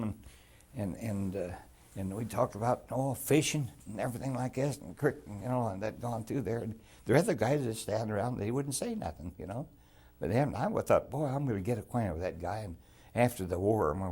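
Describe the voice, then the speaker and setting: An older man with a very low, husky voice tells his war stories in a rambling, folksy way. He talks in plain, homespun grammar, restarts his sentences often and circles back as he remembers. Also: a little mellow. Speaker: veteran telling war memories. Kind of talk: oral history interview.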